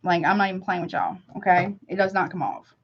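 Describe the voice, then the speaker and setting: A woman's voice: fairly low pitch, fairly even intonation, fast, slight background noise. A woman tarot reader hosting a live reading, talking in a casual, slangy, sympathetic way as she greets viewers and gives advice. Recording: slightly dull lo-fi audio.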